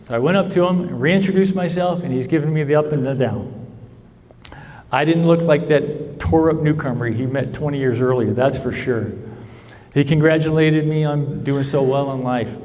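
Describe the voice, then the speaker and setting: Speaking at a moderate pace in a big convention hall, a man shares his personal recovery testimony with earnest storytelling and frequent "right?" checks. His voice is on the high side with a darkish tone. The recording sounds muffled, with long reverb from the hall.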